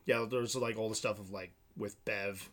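A man's voice: lowish voice, steady tone, moderate pace, fairly bright tone. A man co-hosting a podcast, chatting casually about movies, rambling with lots of fillers and restarts. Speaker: podcast co-host. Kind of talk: casual film chat.

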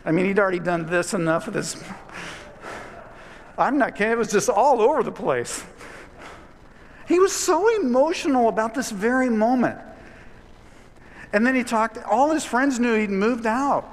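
A man's voice: very high-pitched, expressive, moderate pace, pauses often. A man delivering a sermon as a pastor, telling a story in a conversational way and building to emphatic points. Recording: long hall reverb.

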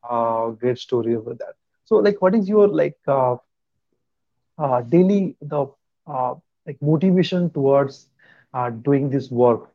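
A man's voice: medium pitch, lively intonation, unhurried, no echo, phone-quality sound. A man hosting an interview, asking hesitant questions full of fillers. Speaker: host. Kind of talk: casual interview.

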